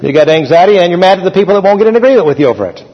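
Husky-voiced pastor preaching in a hall. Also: male voice, high voice, animated, rapid-fire. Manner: conversational preaching with call-and-response. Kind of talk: sermon. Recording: dull, echoey hall recording.

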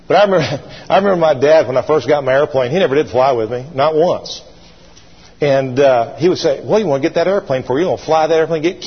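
A man's voice: medium pitch, slightly rough. A male pastor preaching a sermon, building to fervent calls for his congregation to repeat after him. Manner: preachy, rising to fervent calls and call-and-response. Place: church sanctuary. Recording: dull lo-fi sound in a long-reverb hall.

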